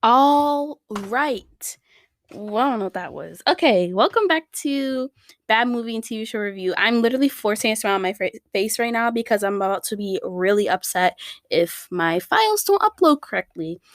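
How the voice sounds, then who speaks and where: A young woman hosts her podcast in a loose, rambling chat, full of fillers and little self-corrections. Her voice sits a bit high and comes through dry and close on the mic. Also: expressive, moderate pace, no room sound. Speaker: podcast host. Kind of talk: casual solo podcast chat. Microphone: studio microphone.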